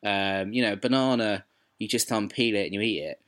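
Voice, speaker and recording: A man talks in a fairly low voice on a chatty podcast. He rambles and hesitates, restarting his sentences as he thinks aloud. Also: normal speed, fairly bright tone. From South London. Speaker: podcast co-host. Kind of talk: casual chat.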